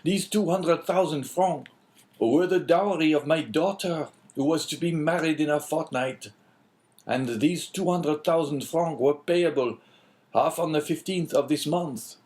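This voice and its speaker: A man's voice: a little high, measured pace, a little mellow, pitched above the performer's own voice, lightly acted. A man voicing an anxious, eager middle-aged French prison inspector in an audiobook, in a fretful, pleading manner. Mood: despairing.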